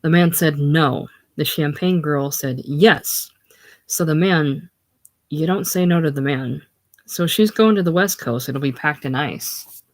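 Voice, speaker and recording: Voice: medium pitch, measured pace, no echo, natural voice. A reader voicing a blunt, streetwise young male hustler with coarse, slangy talk in a casual play reading. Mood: grim.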